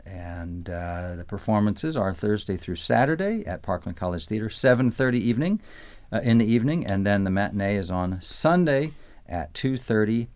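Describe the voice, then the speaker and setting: A male radio host with a lower voice that rises and falls freely as he chats. He sounds relaxed and easygoing, with the odd laugh. The studio sound is close and dry. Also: moderate pace, no room sound. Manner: relaxed, chatty, easy laughs. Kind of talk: live radio interview and announcements. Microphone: studio microphone.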